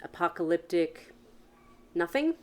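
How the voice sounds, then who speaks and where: A woman's voice: on the low side, sing-song, measured pace. A woman hosting a solo podcast, talking earnestly and frankly, posing many questions and swearing casually. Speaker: podcast host. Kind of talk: reflective solo podcast monologue.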